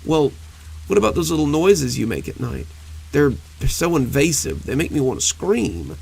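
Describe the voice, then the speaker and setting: A man plays a timid monster under a child's bed, pitched high and pleading in a frightened, whimpery way. The voice is creaky and husky, and the monster blusters when it is scared. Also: sing-song, moderate pace, darkish tone, heavily acted, rough recording.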